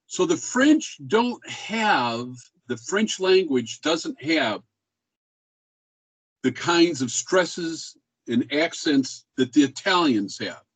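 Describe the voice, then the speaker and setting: A man teaching music history in a relaxed lecture style, with frequent ums and uhs and his own voice used to show speech rhythms. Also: fairly high pitch, takes it slowly, husky, no echo, low-quality recording. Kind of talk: recorded classroom lecture.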